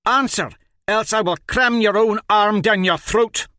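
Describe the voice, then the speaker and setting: A man voicing a cruel, scornful woman torturer who taunts and yells threats. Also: medium pitch, lively intonation, moderate pace, no room sound, clean studio sound, pitched above the performer's own voice, lightly acted. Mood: yelling. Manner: taunting, then shrieking threats.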